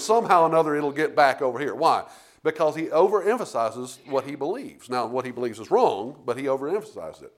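A man's voice: medium pitch, lively intonation, fairly quick. A man preaching a sermon, rambling through restarts and then building to emphatic points.

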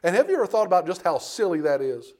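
A man preaching a sermon in a folksy storytelling way, calling out for amens and swinging between loud emphasis and hushed tones. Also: sits high, very animated, fast. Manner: folksy storytelling, calls out "Amen?".

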